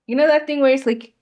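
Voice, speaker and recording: A woman's voice: sits high, darkish tone, muffled recording. A young adult woman chatting casually as a podcast co-host, reflective and acting out quoted voices. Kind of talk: casual chat.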